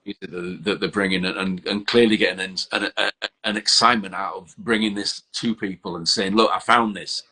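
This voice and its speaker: Band guy gushing about the scene, lowish voice, bright and forceful. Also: fairly even intonation, a little fast, husky. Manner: enthusiastic, repetitive, lots of "you know". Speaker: band member, guest. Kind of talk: casual interview chat.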